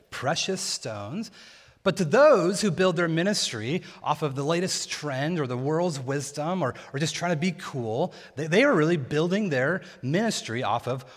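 A young adult man preaching a sermon in a casual, conversational teaching manner. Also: fairly high pitch. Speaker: pastor. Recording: long hall reverb.

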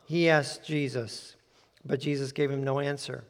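High-voiced man preaching in a hall. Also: moderate pace. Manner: reads scripture aloud, then explains it conversationally. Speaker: pastor. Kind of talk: expository sermon. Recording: long hall reverb.

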